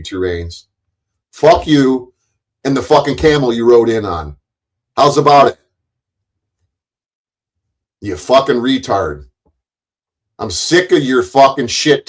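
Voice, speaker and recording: A man's voice: mid-range voice, poor audio. A man hosting a live stream, ranting angrily with lots of cursing and rambling restarts.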